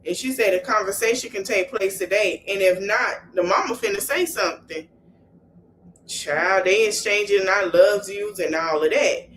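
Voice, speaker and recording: A woman's voice: mid-range voice, normal speed, a little hiss or hum, rough recording. A woman podcast host giving a casual recap, retelling scenes in a he-said-she-said way with slangy asides to her listeners. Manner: animated storytelling, retelling scenes in he-say-she-say fashion.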